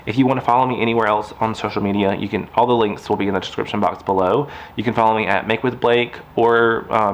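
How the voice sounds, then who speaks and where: A man's voice: fairly low pitch, a little hiss or hum. A man talking casually to camera in a craft vlog, rambling and chatty, turning aside to talk to his puppy. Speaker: craft vlogger. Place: indoors at home.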